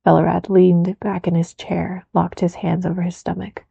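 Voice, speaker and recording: A woman narrating a book aloud as a soft, unhurried ASMR reading. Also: fairly low pitch, flat delivery, vocal fry, slightly rough, no echo, lo-fi sound.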